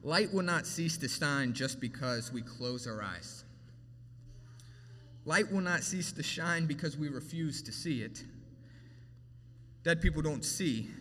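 A man preaching a sermon from a church platform, with emphatic rises and hushed drops in his delivery. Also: on the high side, big-room sound, a little hiss or hum. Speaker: pastor.

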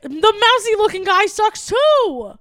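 Young woman, podcast co-host, high voice, very lively, cussing, dry close sound. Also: a little slow, no echo. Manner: swearing, animated, acts out quotes. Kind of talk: casual chat.

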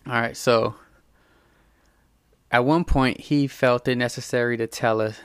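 A man spins a loose, rambling story in a casual, slang-heavy way, swearing freely as he goes. His voice comes through smooth and clear. The recording is dry, with no room sound behind it. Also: mid-range voice, steady tone, unhurried, pauses often, dry recording.

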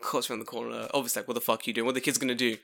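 A man's voice: mid-range voice, very fast, vocal fry. A young man from London with a London accent, casually telling a story on a podcast, swearing freely and acting out the voices of people in it. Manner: animated, swears freely, acts out voices in his stories. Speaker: podcast co-host.

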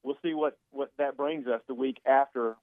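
A man's voice: mid-range voice, moderate pace, no echo. Man on a tinny phone line. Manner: relaxed, chatty, repeats words as he talks. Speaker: newspaper sportswriter calling in. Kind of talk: casual sports chat.

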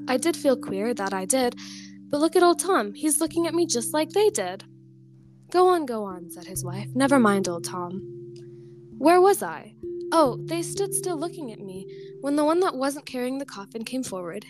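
Young woman reading a folk tale over music. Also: on the high side. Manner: animated reading with voiced characters, chatty with many likes and laughs. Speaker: podcast co-host. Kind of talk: reading a folk tale aloud, then casual chat.

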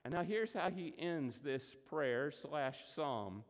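High-voiced man preaching in a reverberant church. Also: animated. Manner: preaching, reads scripture slowly and loudly. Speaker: pastor. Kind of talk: sermon. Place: church sanctuary.

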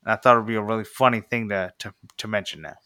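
Bright-voiced man teasing his hosts. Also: on the low side, steady tone, racing, smooth. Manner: teasing banter. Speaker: podcast guest. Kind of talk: casual chat.

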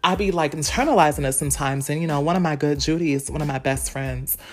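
A woman's voice: low voice, fast, soft background music. A young woman hosting a podcast, talking candidly and explicitly in casual slang and speaking straight to her listeners. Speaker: podcast host.

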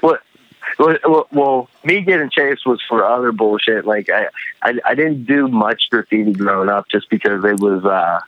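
A man's voice: fairly low pitch, no room sound. Stammering man on a dull headset call. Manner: halting, stammering, lots of restarts. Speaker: guest artist. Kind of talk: casual chat. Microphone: headset over a call.

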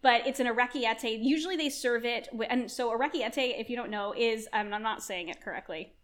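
A woman in her thirties, a chef guest on a podcast, talking in an enthusiastic, rambling way and firing questions at herself. Her voice sits a little high. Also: a little fast, a bit bright. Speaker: chef and culinary nutrition guest. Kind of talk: conversational podcast interview.

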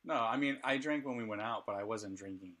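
A man's voice: fairly low pitch, a little fast, a bit bright. A middle-aged man co-hosting a casual chat, speaking candidly and laughing often. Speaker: podcast co-host.

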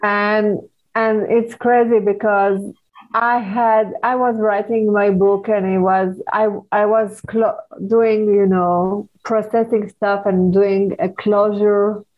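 A middle-aged woman whose first language is Hebrew talks earnestly as an interview guest, pausing and restarting as she searches for words. Her voice sits at a medium pitch, and the recording sounds a little dull and lo-fi. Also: level tone. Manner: earnest, halting, with frequent restarts and non-native phrasing. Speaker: guest author. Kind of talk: conversational interview.

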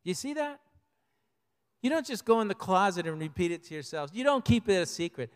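Older man, pastor, high voice, conversational sermon, personal stories, long hall reverb. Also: very animated, fairly quick, clear, resonant tone.

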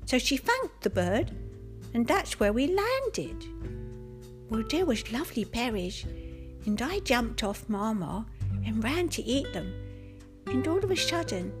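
Woman voicing a little boy unicorn, storybook narrator, high voice, very lively melody. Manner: playful, sing-song storytelling to children. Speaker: host.

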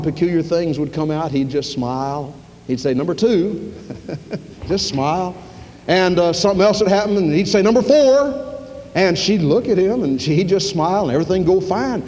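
Folksy preacher in a reverberant church. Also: male voice, a little mellow, muffled recording. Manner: folksy storytelling, acting out dialogue with sudden pitch jumps. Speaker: pastor. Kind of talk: sermon. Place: church sanctuary. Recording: long reverb of a church hall.

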